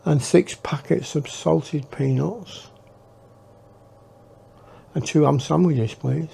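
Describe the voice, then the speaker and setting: A man's voice: fairly high pitch, slow, gravelly, mellow, slightly rough, full character voice. A man doing a big cheeky lad ordering at a pub. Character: big eighteen-year-old lad, cheeky and bold.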